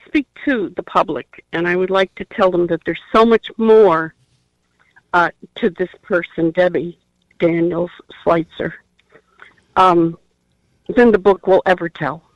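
An older woman calling in by phone, speaking haltingly with many pauses and fillers. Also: on the low side, dry recording. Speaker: caller. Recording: dull phone-line sound.

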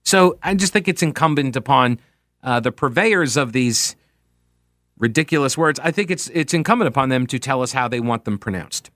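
A talk radio host offers opinionated political commentary, sarcastic and full of rhetorical questions. His medium-pitched voice is expressive and a bit bright at a normal speed, recorded with studio quality and no room sound.

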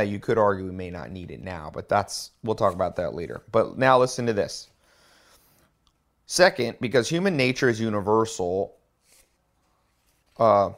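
A man hosting a show about a book, talking it through in casual commentary, stressing key words and often restarting sentences. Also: lowish voice. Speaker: host discussing a book.

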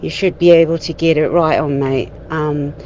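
A woman in a casual voice note to a radio show, calmly explaining something. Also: sits low, normal speed. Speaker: listener voice note. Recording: dull voice note with faint background noise.

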